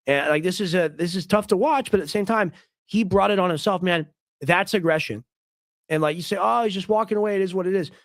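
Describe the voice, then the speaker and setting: A man's voice: sits high, quick pace, no room sound, clean studio sound. A man giving emphatic, argumentative commentary on a clip as a stream host, often repeating himself. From United States.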